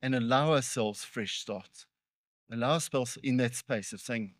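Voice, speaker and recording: A male pastor preaching in a relaxed, talk-to-the-congregation way, leaning into earnest points and then undercutting himself with a wry joke. His voice sits at an ordinary middle pitch for a man. The sound is dry and close, with little room echo. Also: measured pace. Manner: conversational, with joking self-deprecating asides. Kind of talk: sermon.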